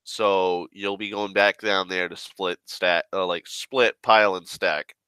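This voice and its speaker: A man's voice: low voice, fairly even intonation, unhurried, bright, forceful tone, clean tone, no echo, voice pushed down. A man quoting his blunt male boss at a wood yard, who gives him matter-of-fact orders.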